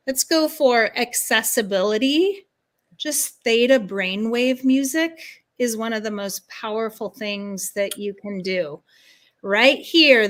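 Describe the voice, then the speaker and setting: A woman spiritual guide speaks as a talk-show guest, unhurried and fairly high in pitch. Her manner is earnest and soothing. She strings her thoughts together in long, flowing lists. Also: fairly bright tone. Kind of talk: interview answers.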